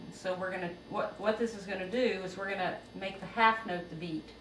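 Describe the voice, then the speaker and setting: A woman's voice: medium pitch, steady tone, a little fast, a bit bright. A woman teaching a music lesson, explaining rhythm and beat patiently step by step. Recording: roomy, distant, noisy home recording.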